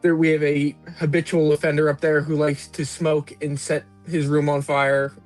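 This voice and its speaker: A man calls in to a live show and tells his story in a measured, deadpan voice. His pitch sits a little high and barely moves, and faint music plays behind him. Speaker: caller. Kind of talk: phoned-in confession story.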